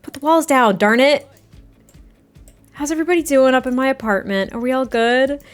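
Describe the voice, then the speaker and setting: A woman's voice: high-pitched, normal speed, soft background music. A young woman giving casual, chatty let's-play commentary, reacting and laughing often. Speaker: game streamer.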